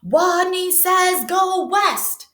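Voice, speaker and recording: A woman puts on a shy little storybook rat, higher than her own voice, every r coming out as a w. the words come slow and careful in a room with some echo. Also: lively intonation, a bit bright. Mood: bold. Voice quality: turns r sounds into w. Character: timid little male rat who says w for r. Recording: roomy echo.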